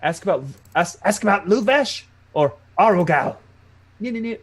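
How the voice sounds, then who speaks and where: Animated, high-ish tabletop player. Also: male voice, moderate pace, slightly rough. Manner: animated, laughing, stumbling restarts. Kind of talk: casual tabletop play.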